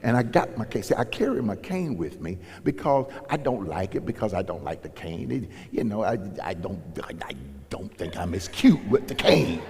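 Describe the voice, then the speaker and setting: A man's voice: on the low side, very animated, normal speed, few pauses, a little mellow. A man, a pastor, preaching in a folksy storytelling way and acting out dialogue in raised voices. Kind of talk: sermon storytelling. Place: church sanctuary. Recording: long reverb in a large hall.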